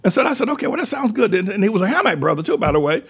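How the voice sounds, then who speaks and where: A man's voice: high-pitched, a little fast, breathy edge. An older man, a pastor, telling a story from the pulpit and acting out the people who phoned him. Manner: animated, acts out quoted callers in his own voice. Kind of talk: preaching storytelling.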